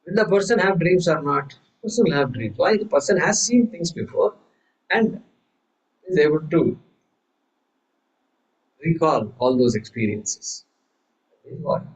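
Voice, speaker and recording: A man teaching a scripture class, lively, asking rhetorical questions and acting out voices. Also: on the high side, measured pace, long pauses, poor audio. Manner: animated, acts out quoted voices, rhetorical questions. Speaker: Vedanta teacher. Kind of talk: class lecture.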